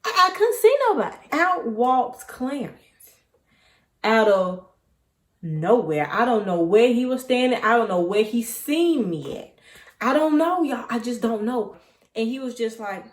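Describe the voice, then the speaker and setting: A woman's voice: on the high side, moderate pace. A young woman telling a story in a casual, chatty way that wanders off on tangents as she relives what happened. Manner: chatty, digressive, animated retelling. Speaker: vlogger. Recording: echoey room.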